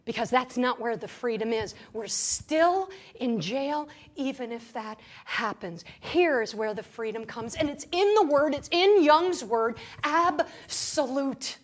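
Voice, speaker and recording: A woman's voice: high voice, unhurried, hardly any pauses. A woman spiritual teacher giving an inspirational talk to a live audience, telling stories playfully and often checking in with "right?". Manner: animated storytelling, playful, keeps asking "right?". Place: room with an audience.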